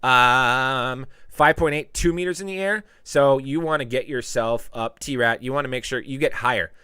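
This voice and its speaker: A man hosting a casual live stream, reading viewer comments aloud and giving tips, with sudden loud playful outbursts. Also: mid-range voice, moderate pace, smooth, no room sound, clean studio sound. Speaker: live stream host answering chat.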